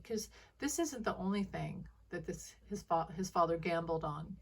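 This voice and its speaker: A woman with a fairly low voice talks through intuitive readings in casual commentary. She rambles and breaks off mid-word to restart. She laughs often as she goes. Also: moderate pace, few pauses, distant mic. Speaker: intuitive reader.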